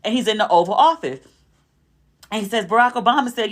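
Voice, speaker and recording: A woman's voice: expressive, fast. Chatty woman host telling stories. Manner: chatty storytelling, acting out quotes with a raised pitch. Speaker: podcast host. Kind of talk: casual chat.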